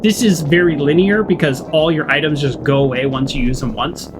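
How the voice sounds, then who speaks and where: A man's voice: on the high side, brisk, background noise. A man giving casual, chatty commentary while playing a game, laughing often. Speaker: gaming channel host. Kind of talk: casual let's-play commentary.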